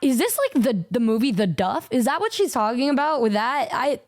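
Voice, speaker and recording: High-voiced, stammering woman streamer. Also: big pitch swings, fairly quick. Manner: stammering, incredulous, profane. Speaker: VTuber streamer. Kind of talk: casual reaction commentary.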